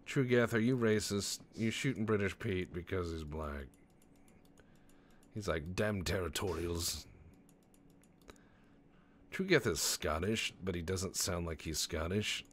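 Low-voiced man rambling over gameplay. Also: unhurried. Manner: rambling, profane, joking asides. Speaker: gaming channel host. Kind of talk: casual let's-play commentary.

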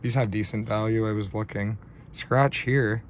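A man hosting a casual card-opening vlog, talking in a slow, low-key way and getting shaky and overwhelmed with excitement. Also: slight background noise. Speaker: card-breaking channel host.

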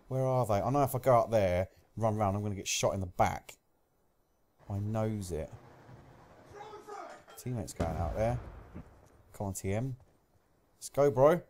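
A young man commentating live gameplay, swearing often and yelling at kills and deaths, with a slight cough. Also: on the low side, moderate pace, long pauses, slight background noise. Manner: excitable, swears a lot, shouts at game events. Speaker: gaming commentator.

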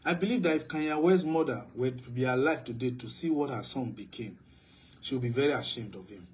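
A man preaching a sermon as pastor, swinging between loud, emphatic declarations and low, quiet asides. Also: a little fast.

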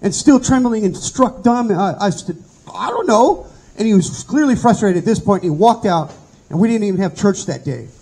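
Middle-aged man, high voice, Bible study teacher sharing his testimony, earnest storyteller. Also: expressive, brisk, warm tone, breathy edge, rough recording.

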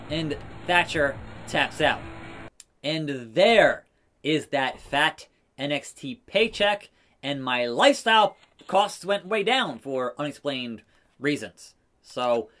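A man giving casual, excitable commentary over a wrestling video game, swinging between loud outbursts and muttered asides. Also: fairly high pitch. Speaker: gaming YouTuber.

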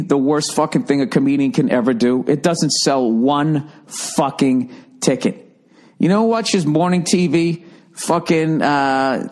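A man's voice: on the high side, a little mellow. Profane, rambling Boston-accented man. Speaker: podcast host. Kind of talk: solo comedic rant.

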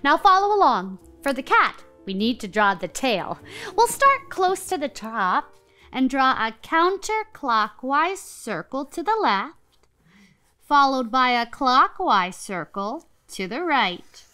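A woman's voice: high-pitched, sing-song, slow pace, sharp tone, soft background music, heavily acted. A woman guiding children through drawing in an educational show, cheerful and instructive. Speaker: drawing guide.

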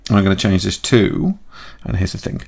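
A man talking through a software tutorial in a chatty way, thinking aloud and correcting himself as he goes. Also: deep voice, big pitch swings, moderate pace, gravelly. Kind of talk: screen-recorded software tutorial.

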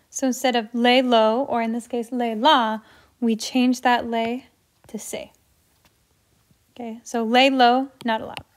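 A woman teaching a grammar lesson in an upbeat, playful way, dropping to soft asides while she writes. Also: fairly high pitch. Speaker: Spanish teacher.

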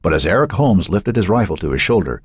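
A man narrating an audiobook with expressive storytelling. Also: low-pitched, quick pace, slightly rough, dry recording, clean studio sound. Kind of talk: scripted narration.

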